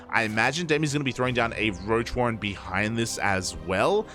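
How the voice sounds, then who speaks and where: This male esports caster delivers energetic play-by-play on a live game, cracking jokes, laughing and talking to the chat. His mid-range voice moves a little fast with hardly any pauses, and faint music sits in the background.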